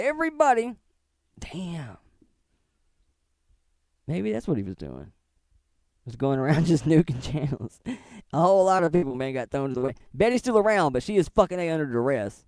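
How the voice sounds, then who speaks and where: Profane rambling man, lively pitch. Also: no room sound, studio quality. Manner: profane, rambling, laughs often. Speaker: commentary streamer. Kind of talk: casual drama commentary.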